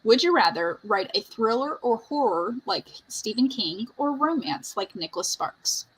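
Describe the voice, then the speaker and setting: A woman's voice: fairly high pitch, expressive, moderate pace, fairly bright tone, slight background noise, poor audio. A woman hosting a livestream, telling a family story in chatty conversation and laughing often. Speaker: livestream host. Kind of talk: casual group chat on a livestream.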